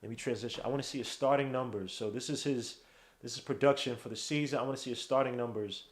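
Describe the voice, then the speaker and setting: A man hosts a casual sports podcast from his computer desk. His voice sits at a middle pitch, loud and animated, full of street slang. He trails off into mumbles whenever he searches his screen. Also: quick pace. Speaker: podcast host. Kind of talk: casual live-stream sports talk.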